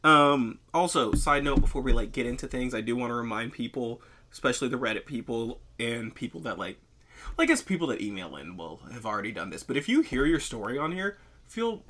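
A man's voice: medium pitch, brisk. A man co-hosting a podcast, rambling in casual chat and then reading a scary story aloud. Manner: rambling, animated, laughs often. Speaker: podcast co-host.

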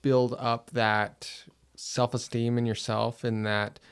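A man's voice: medium pitch, little pitch movement, takes it slowly, smooth. A man hosting a podcast, chatting casually and enthusiastically. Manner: chatty, enthusiastic about hockey. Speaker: podcast host. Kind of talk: casual conversation.

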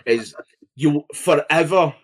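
A man with a Scottish accent, co-hosting a podcast in casual chat, animated and swearing freely. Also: fairly high pitch, takes it slowly. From Scotland. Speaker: podcast co-host.

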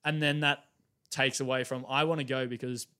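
A man chatting easily as a podcast guest, with a voice of ordinary middle pitch. He spins lively anecdotes, slips into other voices to act out quotes and breaks into laughter along the way. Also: moderate pace, clean tone. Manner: animated storyteller who acts out quotes and laughs often. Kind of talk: casual chat.

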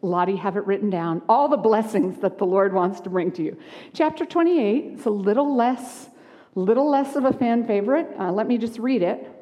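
A woman's voice: mid-range voice, fairly quick, lo-fi sound. Woman preaching in a reverberant hall. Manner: expressive, shifts from hushed to lively. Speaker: pastor. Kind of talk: sermon. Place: church sanctuary.

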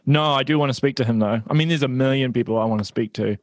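Here is a man with a New Zealand accent, hosting a podcast and asking easygoing questions. His voice sits at a middling pitch and is recorded close and dry, with no room sound around it. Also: fast, dry recording. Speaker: podcast host. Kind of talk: casual interview.

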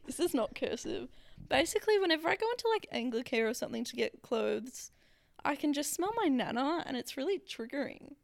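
Gravelly-voiced young woman. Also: sits high, brisk. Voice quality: deadpan, ironic. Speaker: podcast co-host. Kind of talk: casual chat.

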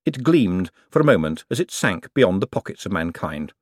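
Lively male audiobook narrator. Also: deep voice, normal speed, dry recording, clean studio sound. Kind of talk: scripted narration.

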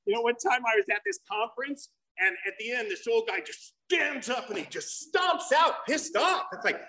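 Animated, high-voiced male comedian. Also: normal speed, hardly any pauses. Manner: crude, rambling, animated storytelling with put-on voices. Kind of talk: stand-up comedy set.

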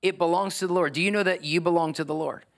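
A man preaching a sermon, building to emphatic, energetic exhortation. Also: high-pitched, quick pace, vocal fry. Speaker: pastor.

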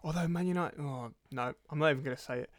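A man's voice: a little high, fast, dry recording. A young man co-hosting a casual football podcast, blunt and jokey, with the odd swear word. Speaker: podcast co-host.

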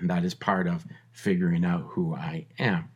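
A man's voice: low voice, fairly even intonation, unhurried, breathy edge, muffled recording. Middle-aged man preaching emphatically. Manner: emphatic preaching with repeated phrases and restarts; conversational, joking asides. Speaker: podcast preacher. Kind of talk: podcast sermon.

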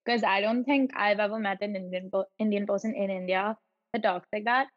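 A woman's voice: mid-range voice, fairly even intonation, fairly quick, no echo, big-room sound, muffled recording. A woman co-hosting a podcast, chatting casually and animatedly, often digressing. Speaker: podcast co-host. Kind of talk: casual chat.

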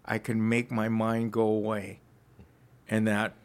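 A man's voice: on the low side, monotone, unhurried, clean tone. A man earnestly recounting his personal testimony in casual conversation, reflective and full of restarts. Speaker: ministry founder, podcast guest.

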